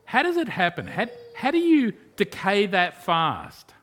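A man preaching a sermon in an emphatic way, asking rhetorical questions and swinging from loud to hushed. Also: high-pitched, wildly swooping pitch, measured pace.

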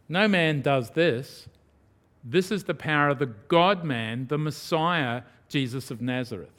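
Emphatic male preacher, slightly high voice. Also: a bit bright, long reverb tail. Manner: emphatic, dramatic swings of pitch and volume. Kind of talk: sermon.

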